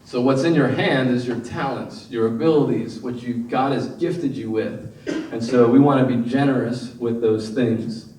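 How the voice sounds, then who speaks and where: A man preaching a sermon as pastor, animated and often laughing as he acts out the voices of people in his story. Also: medium pitch, moderate pace, slight background noise. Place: church hall. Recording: echoey room from far off.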